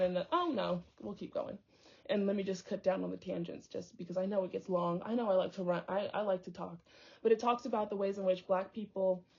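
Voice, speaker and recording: A woman's voice: mid-range voice, dark tone. A young woman reading a book aloud, stumbling over hard words and breaking off into chatty tangents. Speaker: book reader and commentator. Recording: dull lo-fi audio.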